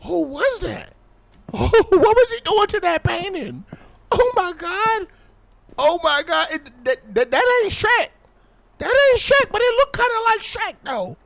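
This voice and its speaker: A man hosting a horror gaming video, joking loudly and often shouting with excitement. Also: extremely high pitch, takes it slowly, creaky. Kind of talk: horror game commentary.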